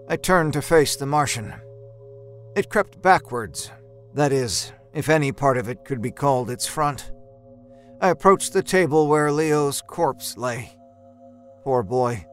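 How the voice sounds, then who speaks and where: A male storyteller reading a first-person horror story in a tense, often hushed voice that breaks into sudden shouts. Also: mid-range voice, animated, measured pace. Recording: narration with a faint music score.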